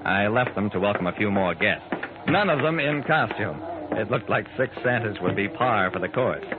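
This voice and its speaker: A man's voice: fairly low pitch, animated, moderate pace, lightly acted. An actor playing a wry private detective who narrates his own case, in 1940s radio acting style. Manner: dry, amused first-person narration. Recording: tinny old radio broadcast with hiss.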